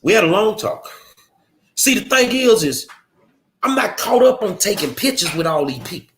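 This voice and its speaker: A man's voice: high voice, very animated, normal speed, long pauses, a bit bright, a little hiss or hum. A man delivering a blunt, combative monologue full of rhetorical questions, in a streetwise manner. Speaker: political commentary host. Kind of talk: confrontational monologue.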